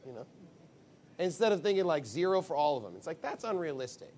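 A man giving sermon-style advice, animated and acting out the voices of people he quotes. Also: a little high, fairly quick.

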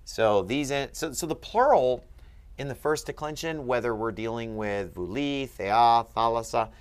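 A man's voice: medium pitch, unhurried, clean tone. A man tutoring a student in Greek grammar, patient and asking leading questions. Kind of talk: one-on-one grammar lesson.

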